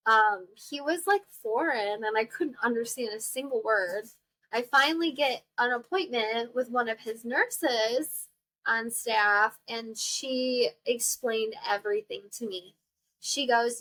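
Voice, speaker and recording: A young woman hosting a podcast, telling a personal story in a chatty, animated way, acting out the people she quotes and laughing often. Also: fairly high pitch, slow pace, rough recording. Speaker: podcast host. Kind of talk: casual storytelling monologue.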